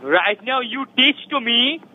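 A man's voice: very high voice, expressive, measured pace, slight background noise. A man with an Indian accent making an insistent scam sales call in broken English, over the phone. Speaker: scam caller. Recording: tinny phone line.

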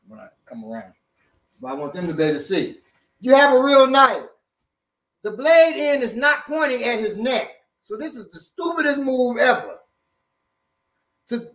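A man teaching self-defense moves in a lively, joking manner, often repeating words as he demonstrates. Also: high voice. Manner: animated, jokey, repeats words. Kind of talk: hands-on demonstration.

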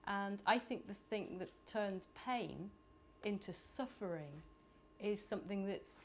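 A middle-aged woman from the United Kingdom speaking at a conference, animated and chatty with laughing asides. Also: medium pitch, measured pace, a little hiss or hum. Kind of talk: conference talk. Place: conference hall.

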